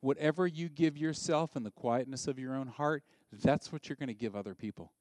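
A male pastor giving a sermon, animated and conversational, asking the listeners direct questions. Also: mid-range voice, a little fast, no room sound.

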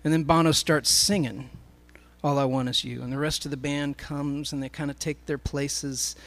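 A man's voice: fairly high pitch, level tone, normal speed, a bit bright. A man speaking to a live congregation, telling a story in a sermon as he addresses the crowd directly.

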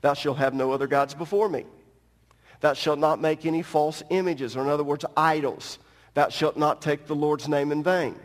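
High-voiced man preaching in a reverberant hall. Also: steady tone, moderate pace. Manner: emphatic, teaching, addresses congregation directly. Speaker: pastor. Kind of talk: sermon. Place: church sanctuary at the pulpit.

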